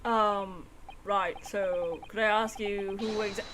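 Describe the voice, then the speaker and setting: Woman doing a nervous young lawyer guy, unsure, a bit lower and slow. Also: steady tone, fairly bright tone, faint music behind. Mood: flustered. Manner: hesitant and unsure. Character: earnest, flustered young male lawyer.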